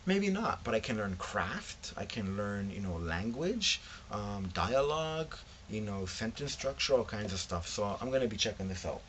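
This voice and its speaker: Fairly low in pitch but sing-song in delivery, a young man chats at a moderate pace in his book vlog. He recounts finding some books, throwing in slang and imitating what his friends said, with background noise present.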